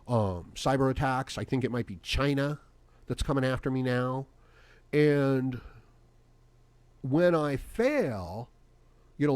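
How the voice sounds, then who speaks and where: Male solo podcaster with a middle pitch, rambling and swearing, recorded dry and close. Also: a little mellow, no echo. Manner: rambling and profane, full of "you know" fillers. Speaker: podcast host.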